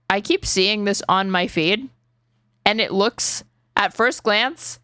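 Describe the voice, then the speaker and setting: A woman with a smooth, clean voice rants on her stream, exasperated and swearing freely. Her voice is recorded dry and close. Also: medium pitch, fairly bright tone, dry recording. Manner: exasperated, profane ranting. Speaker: streamer host. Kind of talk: reaction-stream commentary.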